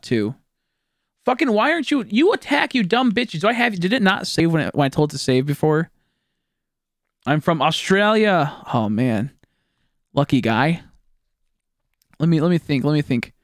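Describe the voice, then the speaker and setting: Clean studio sound with no echo carries a young Texan's voice, on the high side and a bit bright. He's playing a game on stream, chatting with viewers in his Texan accent while rambling, cracking jokes and cursing.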